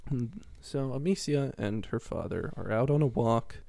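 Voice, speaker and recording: A man's voice: mid-range voice, animated, moderate pace, gravelly, warm tone, no room sound. A man co-hosting a podcast, rambling through a casual plot recap and chuckling as he goes. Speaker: podcast co-host recapping a game. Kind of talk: casual chat.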